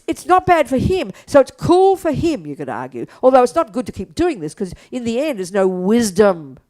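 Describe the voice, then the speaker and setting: An older woman giving a blunt, animated Buddhist teaching to an audience. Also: mid-range voice. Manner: animated, blunt, acts out quotes, laughs.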